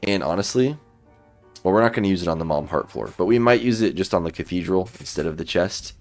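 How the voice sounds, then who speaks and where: Deep-voiced man narrating his gameplay. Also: quick pace, soft background music. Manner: relaxed, thinking aloud while playing. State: sleepy, yawning. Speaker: gaming YouTuber. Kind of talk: let's play commentary.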